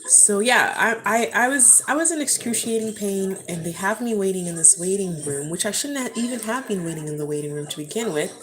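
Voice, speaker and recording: A woman's voice: mid-range voice, brisk, few pauses, fairly bright tone, poor audio. A woman vlogger telling a personal story to camera at home in a casual, passionate and emotional way, often calling her viewers "guys.". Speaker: vlogger answering viewer questions.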